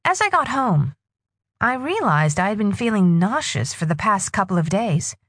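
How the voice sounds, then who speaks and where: A woman narrating a novel in a husky voice with expressive storytelling. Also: medium pitch, moderate pace, no echo, clean studio sound. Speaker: audiobook narrator. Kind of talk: scripted narration.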